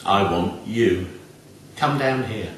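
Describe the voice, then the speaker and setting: A man's voice: fairly low pitch, slow, a little hiss or hum. A man voicing a feisty, kindly little old woman cook in a cheerful, matter-of-fact way. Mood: bossy. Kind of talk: storytelling acted voice. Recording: very echoey room, distant mic.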